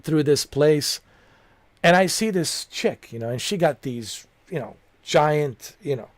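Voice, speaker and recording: A man's voice: a little high, lively intonation, a little slow, no echo. A man who streams games, telling a long story in a loose, chatty way, full of "man", "dude" and "you know". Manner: amused, laughs at his own story. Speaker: gaming streamer. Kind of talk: casual rambling storytelling.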